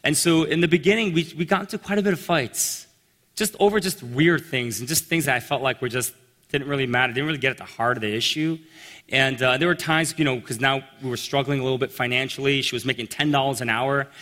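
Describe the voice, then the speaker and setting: A man telling a personal story in a sermon, animated and acting out the voices of the people in it. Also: mid-range voice, quick pace. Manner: animated storyteller, acts out quotes. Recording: long reverb in a large hall.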